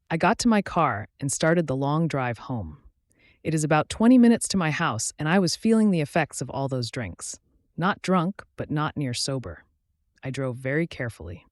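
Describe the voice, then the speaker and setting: A man's voice: on the high side, big pitch swings, normal speed, no echo, studio quality. A man reading a first-person relationship story aloud in a plain storytelling manner. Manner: plain storytelling with mild censored swearing. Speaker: narrator.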